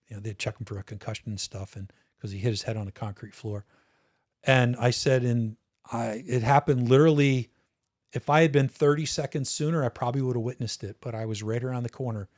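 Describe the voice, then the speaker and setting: A middle-aged man talks through a personal story in a relaxed podcast interview. His voice sits at an ordinary pitch and sounds dry and close, with no room echo. He speaks candidly, swears casually and keeps circling back to restart his sentences. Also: brisk. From United States. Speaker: interview guest, retired state police major.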